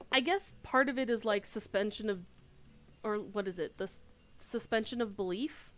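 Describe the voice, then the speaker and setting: A woman's voice: mid-range voice, normal speed, a bit bright. Chatty alto woman streaming a game. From outside the UK. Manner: chatty, self-correcting, giggly asides. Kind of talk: casual gameplay chat.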